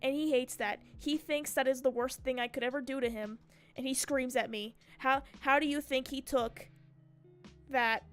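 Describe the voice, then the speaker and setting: A young woman streamer telling a story in casual chat, animated and swearing freely. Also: high-pitched, normal speed, clean tone, soft background music. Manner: chatty and animated, swears freely, mimics her cat's screams.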